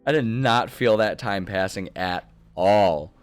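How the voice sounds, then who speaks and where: A deep-voiced man chats away on a live stream, cheerful and easily delighted as he talks through what he is doing. His tone stays casual and chatty, with faint music playing behind him. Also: takes it slowly, smooth. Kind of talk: casual live-stream chat while building.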